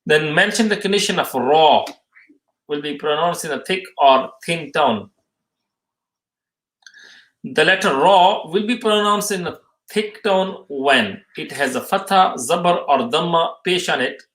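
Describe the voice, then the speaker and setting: A man teaching a live tajweed lesson, reading out questions and explaining the answers haltingly, often restating each term twice. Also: fairly high pitch, a bit bright. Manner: halting, many fillers, restates terms twice. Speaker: Quran recitation teacher. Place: mosque or Islamic centre room. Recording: roomy echo.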